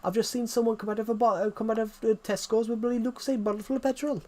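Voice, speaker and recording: A man imitating an indignant Welsh man with a Welsh accent who rants at the government in a fast, exasperated rush. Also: sits high, fairly even intonation, dark tone, voice pushed up, close to an everyday voice.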